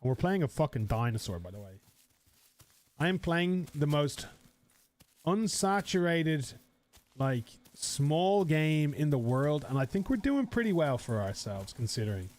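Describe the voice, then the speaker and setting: A man's voice: fairly high pitch, big pitch swings, a little slow, darkish tone. Rambling, chatty male game streamer. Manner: rambling, swears casually, chatty with viewers. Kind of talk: live-stream casual chat.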